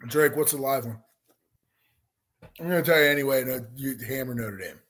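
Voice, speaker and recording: A man's voice: medium pitch, normal speed, a bit bright. A man co-hosting a casual sports betting chat, teasing the others and making his case. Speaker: sports podcast co-host.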